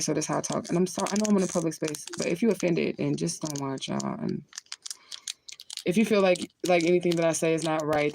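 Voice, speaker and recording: On a livestream, a woman who works as a spiritual medium chats casually, reading viewer comments aloud. Her voice sits low, she speaks bluntly with plenty of swearing and frequent laughter, and there's background noise.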